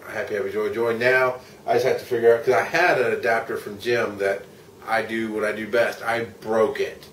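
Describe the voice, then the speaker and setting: Fairly low in pitch, the voice is that of a tired middle-aged man from the United States, a vlogger and podcaster, telling his day's story in a candid, rambling travel vlog and swearing when frustrated. Slight background noise, roomy echo, faint ambience, and a distant mic shape the recording.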